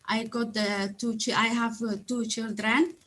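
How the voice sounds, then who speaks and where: A woman whose first language is Somali, speaking halting English on a video call, often searching for words and apologizing, audibly emotional. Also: a little high, flat delivery, a bit bright, poor audio. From Somalia or Italy. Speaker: adult English learner. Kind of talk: online conference testimony.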